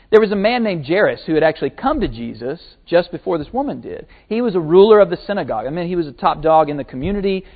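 Pastor preaching over a tinny, phone-like line. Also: male voice, on the high side. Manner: animated storytelling, acting out quotes. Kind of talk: sermon. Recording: tinny phone-like sermon recording.

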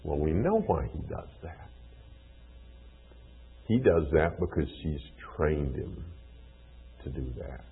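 A man's voice: rumbling low, slow, long pauses, husky. A man giving an informal lecture on child training, telling stories animatedly and acting out the scenes. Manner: animated storytelling, acts out scenes. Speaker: teacher of a class on child training. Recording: tinny phone-like sound with long hall echo.

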